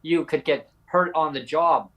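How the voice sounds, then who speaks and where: In a podcast discussion, the male co-host confronts a critic directly, calling him "bud" in a combative tone. His voice runs on the high side with a fairly bright tone at a measured pace, though the audio is poor.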